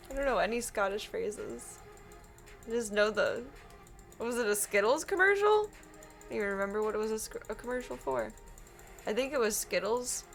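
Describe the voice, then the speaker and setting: A woman's voice: fairly high pitch, creaky. A young woman live-streaming, chatting casually with a giggly, rambling, self-deprecating manner.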